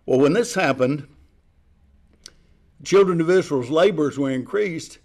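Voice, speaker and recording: A man preaching a chapel sermon in a measured way, explaining slowly with pauses. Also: on the high side, a little mellow. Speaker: chapel speaker.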